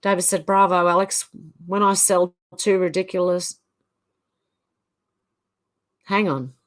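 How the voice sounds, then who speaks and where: A woman's voice: fairly low pitch, fairly even intonation, slow. A middle-aged woman hosting a livestream, reading viewer comments aloud and chatting loosely between them. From Australia. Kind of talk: casual chat.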